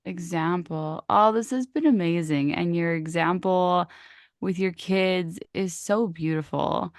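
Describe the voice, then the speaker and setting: A woman's voice: fairly low pitch, a little slow. A woman hosting a podcast interview, affirming her guest in an effusive, encouraging way. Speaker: podcast host. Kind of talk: casual conversational interview.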